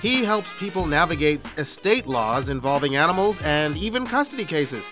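A man hosting a comedy news roundup podcast, reading odd stories and dropping wry deadpan asides. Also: on the high side, normal speed, over music. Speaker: podcast host.

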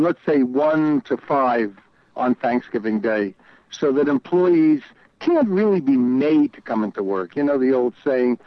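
A man's voice: medium pitch, no room sound. A man with a New York accent, a regular guest on a radio talk show, telling stories and giving opinions in a wry, chatty way. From New York City. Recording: dull lo-fi line, dry.

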